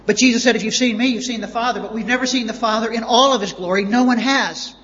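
A man's voice: very high-pitched, fast talker, fairly bright tone. A man preaching a sermon as pastor, emphatic and repeating words for stress. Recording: dull lo-fi audio with long reverb.

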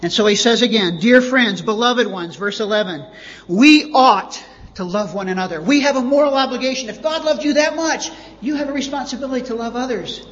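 A man's voice: very high-pitched, a little fast, a bit bright. A man preaching a sermon as pastor, emphatic and repeating words for stress. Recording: dull lo-fi audio with long reverb.

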